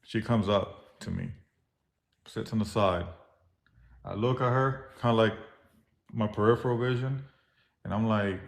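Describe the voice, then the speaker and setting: A man's voice: lowish voice, measured pace, gravelly, long pauses. Laid-back man telling a bar story. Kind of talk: casual chat.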